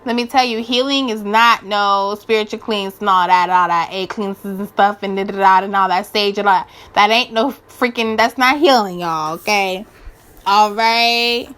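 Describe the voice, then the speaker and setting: Bright, preachy young woman ranting. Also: mid-range voice, moderate pace, clean tone. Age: 20s. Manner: animated, slangy, preachy, frequent asides and restarts. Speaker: spiritual vlogger. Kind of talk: casual spiritual rant to viewers.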